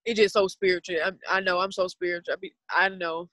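A woman's voice: fairly low pitch, flat delivery, fast talker, a bit bright, no room sound. A woman in her twenties with a Southern US accent, chatting casually and earnestly on a podcast in a rambling way. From Southern United States. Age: 20s. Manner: rambling, earnest, talks about spirituality.

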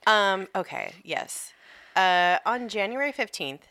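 Bright-voiced woman podcast co-host, swearing. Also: medium pitch, animated, slow, no room sound. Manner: swears freely, laughs, reads history notes aloud. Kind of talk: casual podcast chat.

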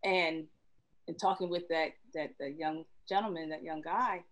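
A woman therapist talks on a panel, emotional and choked up. Her voice sits a little low, and she speaks earnestly and openly. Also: steady tone, moderate pace, rough recording. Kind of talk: panel discussion.

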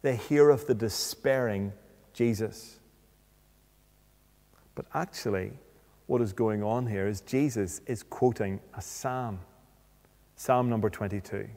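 A man preaching a sermon, speaking deliberately and posing rhetorical questions. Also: lowish voice, mellow. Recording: long reverb of a hall.

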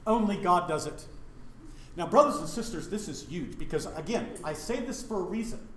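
Animated middle-aged pastor in a church. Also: male voice, high-pitched, normal speed, echoey room, slight background noise. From Wyoming. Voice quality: animated, questioning the audience. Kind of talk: teaching a Bible study.

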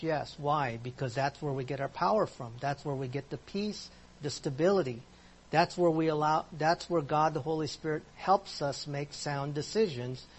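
A man's voice: a little high, breathy edge. A man teaching a Bible class in a conversational way, asking his listeners questions as he explains verses.

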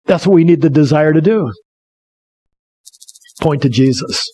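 A man's voice: a little high, a little slow, dark tone. A male pastor preaching a sermon, telling a story in an earnest way with frequent restarts.

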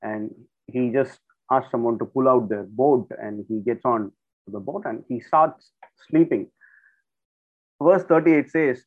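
A man's voice: medium pitch, a little slow, long pauses. A man giving an informal Bible teaching, retelling the stories conversationally with many fillers. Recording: narrow phone-like audio.

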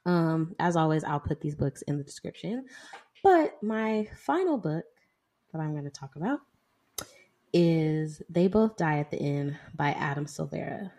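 A woman's voice: deep voice, animated, a little slow, warm tone. A woman in her twenties, co-hosting a casual book chat and chatting with lots of "like" and "y'all.". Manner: chatty, heavy use of "like" and "y'all". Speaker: podcast co-host.

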